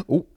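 A man's voice: no room sound, clean studio sound. A man co-hosting a podcast in casual chat, teasing and joking with his partner. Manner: teasing, jokey banter. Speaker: podcast co-host.

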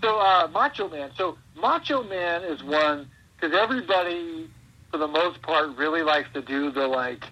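A man in his forties, a pro wrestler guest, telling stories in a rambling, animated way and laughing often. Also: on the high side, normal speed, slightly rough, muffled recording. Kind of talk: casual interview chat.

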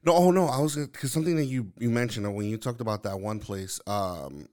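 A man's voice: mid-range voice, fast, a little mellow. A man from New York chatting casually, rambling and searching for his words with lots of fillers. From New York, Lower East Side Manhattan. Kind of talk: casual chat.

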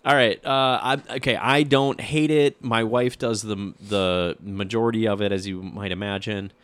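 A man's voice: on the low side, steady tone, normal speed, clear, resonant tone, no echo. A man co-hosting a podcast in person, chatting casually in a blunt, grumpy, self-mocking way and swearing now and then. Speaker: podcast co-host. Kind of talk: casual chat. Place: studio, in person.

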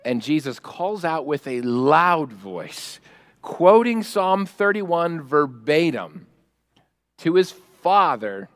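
A man preaching a sermon as pastor, animated, acting out prayers and quoting in a raised voice, with frequent laughs. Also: on the high side, slow pace, no room sound, clean studio sound.

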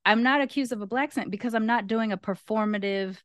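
A woman's voice: a little high, fairly quick, fairly bright tone, dry recording, clean studio sound. A woman from North Long Beach giving her frank opinions at length in a casual podcast conversation. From North Long Beach, California. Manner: candid, opinionated, talks at length. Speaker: guest co-host.

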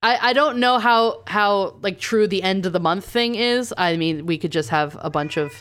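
Smooth-voiced woman telling a story. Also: mid-range voice, normal speed, a bit bright. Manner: casual, says "like" a lot, reads quotes aloud. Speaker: podcast co-host telling a true crime story. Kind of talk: casual podcast storytelling, reading quotes.

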